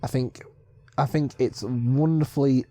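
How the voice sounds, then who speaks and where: A man's voice: mid-range voice, steady tone, unhurried, dark tone, no room sound. A man co-hosting a comedy film commentary, joking, laughing and often restarting his sentences. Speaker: co-host.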